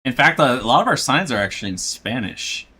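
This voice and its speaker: Bright-voiced chatty male streamer. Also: medium pitch, sing-song, fairly quick, breathy edge. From South Florida. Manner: rambling, chuckles often, self-deprecating. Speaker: VTuber streamer. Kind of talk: casual chat while drawing.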